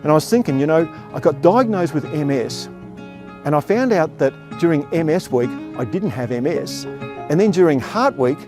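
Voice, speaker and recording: A man's voice: fairly high pitch, animated, normal speed, music in the background. An older man with an Australian accent telling his own life story on stage with wry, self-deprecating humour. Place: theatre stage before an audience.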